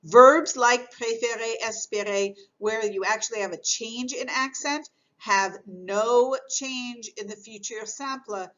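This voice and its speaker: A woman explaining grammar in a recorded lesson, patient and clear, repeating key points as she goes. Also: fairly high pitch, slow, hardly any pauses, a bit bright, muffled recording. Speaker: French teacher.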